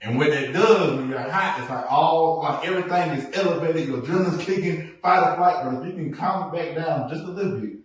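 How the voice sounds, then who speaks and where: A man co-hosting a podcast, chatting casually and telling stories, jumping between loud bursts and low asides. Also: brisk, few pauses. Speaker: podcast co-host. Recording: echoey room, mic at a distance.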